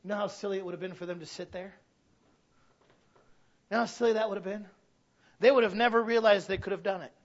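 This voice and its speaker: A man in his thirties, a pastor, delivering an impassioned sermon that swings from hushed to loud, repeating key phrases. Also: sits high. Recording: dull lo-fi recording.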